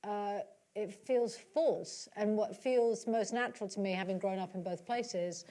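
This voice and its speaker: A woman's voice: medium pitch, unhurried, warm tone. A woman with a British accent speaking on stage in a conversation, hesitant, with many restarts and fillers. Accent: British English. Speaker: guest at a literary talk. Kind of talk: onstage conversation with audience questions.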